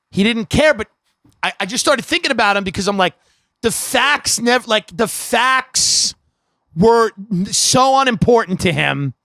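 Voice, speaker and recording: A man, a comedian hosting his podcast, tells a rambling comic story full of quick asides and laughter, recorded on an outdoor deck. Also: high voice, fairly bright tone, no echo.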